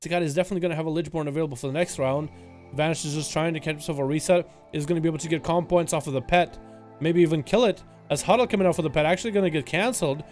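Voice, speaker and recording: Fast, excitable young male game caster. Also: on the high side, faint music behind. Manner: excitable, rapid-fire, hype. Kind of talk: esports play-by-play commentary.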